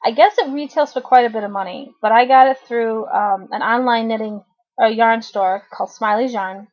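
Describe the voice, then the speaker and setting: A woman in her thirties giving a casual, chatty knitting tutorial to her webcam at home, often clearing her throat. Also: fairly high pitch, moderate pace. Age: 30s. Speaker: craft tutorial host. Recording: dull lo-fi webcam audio.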